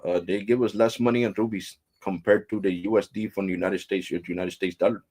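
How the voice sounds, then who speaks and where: A man's voice: low voice, fairly even intonation, brisk, a little mellow. A man voicing a polite male call-center agent with an imitated Indian English accent, formal and apologetic, saying "sir" often.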